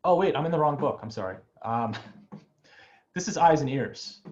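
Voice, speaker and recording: A man's voice: fairly high pitch, expressive, moderate pace, a little mellow, muffled recording. A man teaching an online music class, talking in a loose, chatty way and often checking in with "right?". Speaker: music professor. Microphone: video call.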